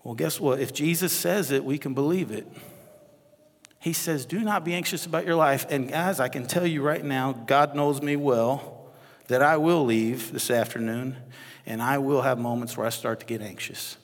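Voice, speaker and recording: A male associate pastor with a Midwestern American accent preaches a sermon in a conversational, animated way, chatting with the congregation between readings. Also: medium pitch, normal speed. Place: church sanctuary. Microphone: lapel mic. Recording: long reverb of a church hall.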